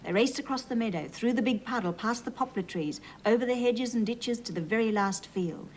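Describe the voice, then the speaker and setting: Gentle Australian woman reading to children. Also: on the high side, a little fast, slight background noise, poor audio. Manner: gentle, sing-song, addressing children. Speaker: children's TV host.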